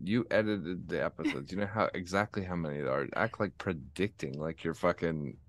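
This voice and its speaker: A man's voice: deep voice, fairly quick, no room sound. A man co-hosting a podcast in casual chat, teasing and playful, swearing casually. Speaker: podcast co-host.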